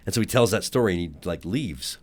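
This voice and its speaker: A man speaks quickly and with emphasis as he tells a story on a podcast. His voice sits fairly low and moves fast. The talk is a relaxed, casual conversation. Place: podcast studio at a table.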